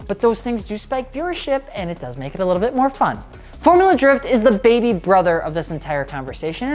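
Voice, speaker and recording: A woman hosting a scripted commentary video, speaking casually with sarcastic jokes and side remarks. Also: mid-range voice. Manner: sarcastic, joking asides. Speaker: video essayist.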